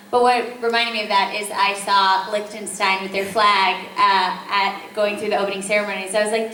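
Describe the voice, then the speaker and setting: A woman's voice: medium pitch, pushed and bright. Chatty woman on an echoey panel. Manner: chatty and enthusiastic, rambling with fillers. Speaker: voice actress on a convention panel. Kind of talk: convention panel Q&A. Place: convention panel room. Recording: echoey hall from far off, faint noise.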